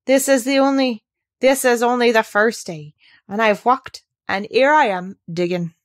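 A woman's voice: a little high, measured pace, dry recording, studio quality, pitched above the performer's own voice, close to an everyday voice. A woman doing an eager, frail young Yorkshire boy. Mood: exultant. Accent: put-on Yorkshire dialect. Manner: eager, breathless, raised voice.

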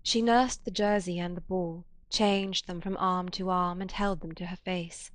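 Quiet woman reading a novel. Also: fairly low pitch, steady tone, a little slow, hardly any pauses, no room sound. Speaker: audiobook narrator. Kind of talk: literary audiobook narration.

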